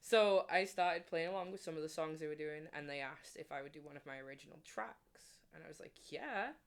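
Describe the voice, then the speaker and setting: A woman's voice: low-pitched, a little fast, clear, resonant tone. A woman, a guest musician, telling stories in a casual chat and laughing often. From England. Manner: animated storyteller, laughs often.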